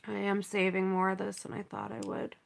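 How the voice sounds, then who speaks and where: A woman's voice: mid-range voice, big pitch swings, brisk, creaky. A woman chatting casually on a livestream while she paints, sighing and pouting over a setback.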